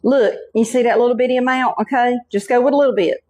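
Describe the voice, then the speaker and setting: A middle-aged woman with a Carolina Southern accent talks viewers through a recipe in a chatty, folksy way. Her voice sits a bit high, and she keeps coming back to "y'all" and "okay.". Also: fast, darkish tone, lo-fi sound. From North Carolina. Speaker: cooking channel host. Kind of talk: home cooking demonstration.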